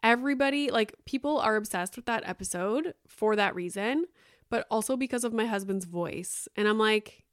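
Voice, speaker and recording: This podcast host, a woman in her thirties, rambles through a casual solo chat full of fillers and the occasional swear. Her voice leans high and moves at a moderate pace in a dry, clean studio recording.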